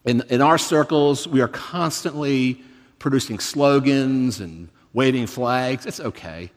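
A medium-pitched man in his fifties, unhurried in delivery, preaches as a guest in a reverberant hall. His sermon unfolds as conversational storytelling with humor aimed at himself.

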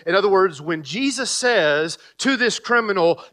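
Animated preacher man, high-pitched. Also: moderate pace, hardly any pauses. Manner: animated, swings from low and quiet to loud emphatic peaks; sarcastic asides, talks directly to congregation. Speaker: pastor. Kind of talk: sermon.

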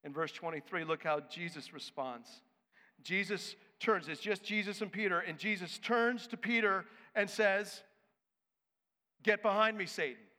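A man's voice: high-pitched, normal speed, sharp tone. A male pastor preaching a sermon in an emphatic, conversational way. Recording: echoey hall.

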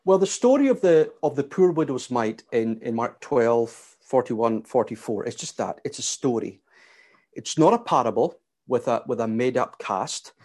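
A man preaching a sermon in a measured, emphatic way. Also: mid-range voice, lively intonation, a little mellow. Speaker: pastor.

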